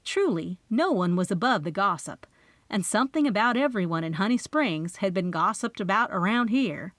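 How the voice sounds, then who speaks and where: A woman narrating a cozy mystery audiobook in first person, expressive and playful. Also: medium pitch, normal speed, no room sound, studio quality. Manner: expressive storytelling with character voices.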